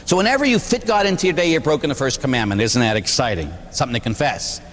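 A man, a Catholic priest, preaching a sermon in a conversational, animated way, with rhetorical questions and a touch of humor. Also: medium pitch, quick pace, in a large hall, slight background noise.

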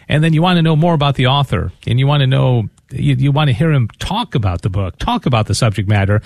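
A man's voice: mid-range voice, no echo. A man hosting a radio fundraiser, talking casually and stumbling over repeated words as he makes his appeal. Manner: talkative, repeats words often. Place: radio studio.

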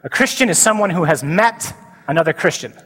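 A man, a Catholic priest preaching a sermon to a men's conference, animated, swinging from loud emphasis to slow, quiet declarations. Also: sits high, husky. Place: large conference hall. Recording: reverberant conference hall.

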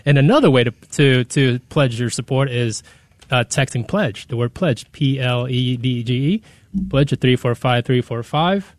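A man from the station's digital team on air for the first time, carefully and deliberately repeating the donation phone number. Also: medium pitch, dry recording. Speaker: digital media staffer, guest on air. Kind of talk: radio fundraising appeal.

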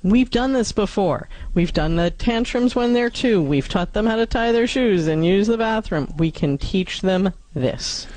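Calm, firm radio co-host. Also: medium pitch, a little slow, hardly any pauses, dry recording, poor audio. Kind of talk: parenting advice call-in radio.

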